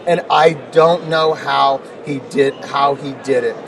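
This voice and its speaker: A man's voice: medium pitch, steady tone, a little slow, gravelly. Middle-aged man, emphatic storytelling, distant mic, noisy background. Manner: emphatic, repeats words, builds rhetorical questions. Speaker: guest. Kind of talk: conversational storytelling interview. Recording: distant mic with noticeable noise.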